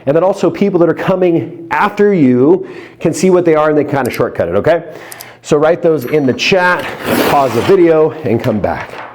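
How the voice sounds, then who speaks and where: Mellow-voiced man teaching hypnosis. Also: lively intonation. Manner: chatty, addresses viewers directly; lowers to a soft, slow hypnotic murmur on key words. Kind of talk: casual online tutorial.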